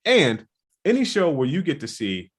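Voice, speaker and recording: A man co-hosting a podcast in casual, animated chat. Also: moderate pace, breathy edge. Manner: animated, jumps up in pitch when excited. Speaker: podcast co-host.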